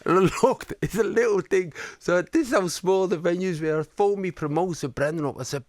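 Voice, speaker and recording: Middle-aged Scouse male comedian, animated storyteller, slightly high voice, dry studio sound. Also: fairly quick, hardly any pauses, no room sound. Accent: Liverpool Scouse. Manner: storytelling, animated, repeats words when starting a sentence. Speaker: comedian guest. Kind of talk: casual chat.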